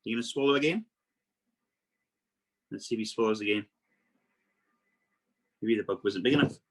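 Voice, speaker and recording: A man presenting an exotic animal workshop over a video call, explaining facts to children in a lively, playful way. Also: fairly low pitch, moderate pace.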